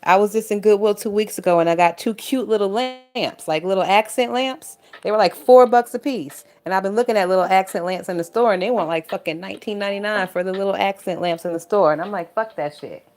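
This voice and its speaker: A woman's voice: mid-range voice, fast, hardly any pauses, a little mellow. A young woman hosting a casual commentary stream, swearing, laughing and sounding exasperated as she reads chat comments. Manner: profane, exasperated, laughs a lot. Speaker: YouTube commentary host. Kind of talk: casual reaction commentary reading live chat. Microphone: phone.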